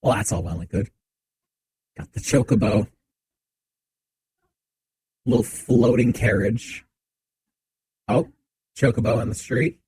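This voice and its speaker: A man streaming a game from a home setup, chatting with viewers in a relaxed, joking way into a desk mic. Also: fairly low pitch, takes it slowly, long pauses, husky, no echo, low-quality recording. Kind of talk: casual game commentary. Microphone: desk mic on shock mount.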